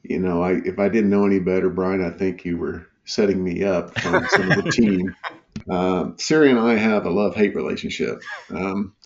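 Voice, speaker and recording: A middle-aged man with a very deep, gravelly voice, chatting wryly as an interview guest. The sound is dull and lo-fi. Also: moderate pace, few pauses, slight background noise. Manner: wry, storytelling. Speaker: company executive guest. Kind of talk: casual interview chat.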